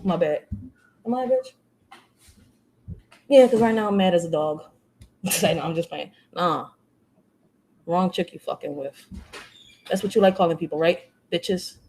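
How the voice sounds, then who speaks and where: A woman's voice: on the low side, warm tone. Blunt, profane woman from Philly. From Philadelphia. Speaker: live-stream panelist. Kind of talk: heated live-stream rant.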